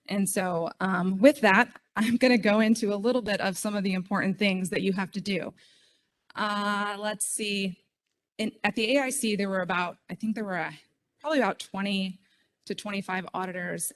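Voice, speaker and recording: A middle-aged woman speaks at a conference podium. Her delivery is chatty and self-deprecating, full of ums and quick asides as she talks to the room. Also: medium pitch. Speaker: state official speaking at a conference. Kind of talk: conference speech.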